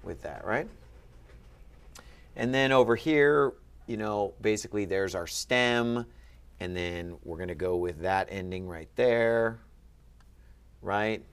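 A man's voice: on the low side, takes it slowly, long pauses, smooth. A man tutoring a student through Ancient Greek accents, patiently quizzing and encouraging him in a friendly, upbeat way. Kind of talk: one-on-one lesson.

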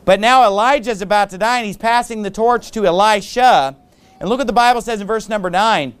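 A man preaching a sermon who reads scripture slowly and explains it in plain, chatty talk, rising to loud emphatic bursts. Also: high-pitched, clean tone. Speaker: pastor.

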